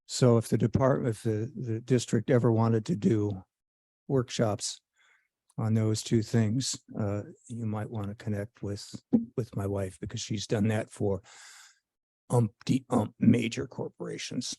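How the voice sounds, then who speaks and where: A man's voice: fairly low pitch, fairly even intonation, a little slow, dark tone, no echo. A man making a brief public comment at a board meeting, casual and a little self-deprecating.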